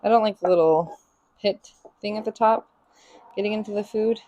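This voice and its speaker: Woman cooking breakfast on stream in her kitchen, just chatting, middle pitch voice. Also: normal speed, dry recording, dull audio. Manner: chatty, talks to her cats in a high sing-song baby voice. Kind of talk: casual cooking stream chat. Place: home kitchen.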